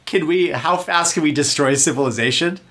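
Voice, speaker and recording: A man with a Southern American accent, co-hosting a casual podcast chat, animated, laughing often and swearing freely. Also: a little high, fairly quick. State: high. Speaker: podcast co-host.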